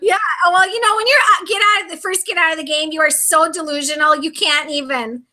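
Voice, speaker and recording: A woman from Minnesota, a reality show contestant, chatting casually in an interview and telling stories in a lively way with frequent laughter. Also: very high-pitched, a little fast. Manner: lively storyteller, laughs often.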